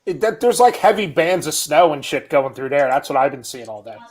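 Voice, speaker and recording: A man's voice: fairly high pitch, lively intonation, fairly quick, a loud crowd. A man co-hosting a podcast who chats bluntly, swearing often and joking. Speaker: podcast co-host. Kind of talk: casual chat.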